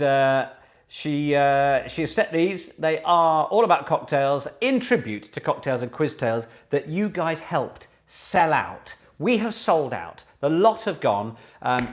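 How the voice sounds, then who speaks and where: A man hosting a live online pub quiz, chatting with viewers and reading out each question twice. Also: medium pitch. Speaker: quiz host.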